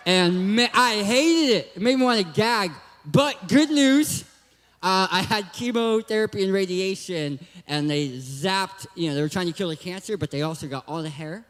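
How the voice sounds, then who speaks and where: Hyper, lisping young man with a high voice. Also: lively intonation, normal speed, fairly bright tone, in a large hall. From Southern California. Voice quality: lisping, cartoon-like voice. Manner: hyper, joking, upbeat. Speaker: guest speaker. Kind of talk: youth church talk.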